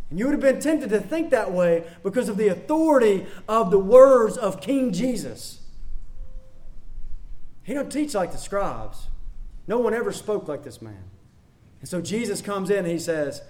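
High-voiced man preaching emphatically. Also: sing-song, a little slow, long pauses, a little mellow. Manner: emphatic, repeats key phrases, asks rhetorical questions. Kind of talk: sermon.

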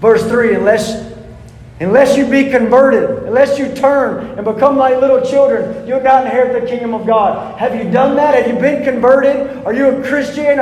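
A man delivers an earnest sermon in a notably high voice. He stresses single words and presses the congregation with repeated questions. His voice rings through a large church hall with a long reverb tail. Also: darkish tone. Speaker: pastor. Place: church sanctuary.

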